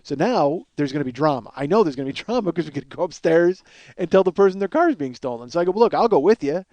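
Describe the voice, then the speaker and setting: A man hosting a comedy podcast, telling a story in an animated, profane, rambling way. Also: fairly high pitch, fast talker, dry recording. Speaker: podcast host.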